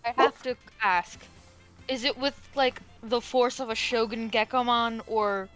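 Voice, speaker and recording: A woman's voice: fairly high pitch, steady tone, a little slow, a bit bright, soft background music, rough recording. A woman playing a tabletop game, making dry, sardonic remarks. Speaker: player. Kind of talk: casual tabletop play.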